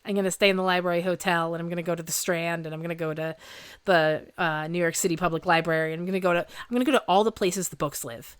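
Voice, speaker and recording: Woman, forties, podcast host: smooth voice, dry close mic, rambling self-mocking chat. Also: on the low side, steady tone, quick pace, no echo. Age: 40s. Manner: rambling, self-deprecating, laughs often. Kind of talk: casual chat.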